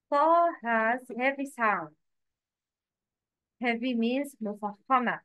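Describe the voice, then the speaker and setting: A woman with a slightly raised voice explains letter sounds at a very slow, deliberate pace. She spells out each sound one by one, like a patient teacher. The recording is dry and close, with no room echo. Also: a little high, lo-fi sound. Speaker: Quran pronunciation teacher. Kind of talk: slow, careful teaching with repeated example sounds.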